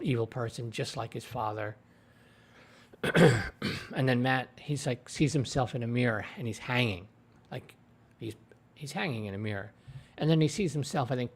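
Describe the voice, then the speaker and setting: A man's voice: mid-range voice, creaky. A man giving a casual spoken review of a TV episode, retelling scenes in a rambling way with lots of fillers, into his own desk microphone. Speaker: TV show reviewer.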